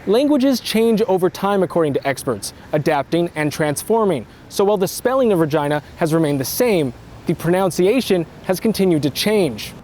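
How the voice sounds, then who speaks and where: Male TV news reporter, measured explainer delivery, slightly high pitch. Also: animated, a little mellow, slight background noise.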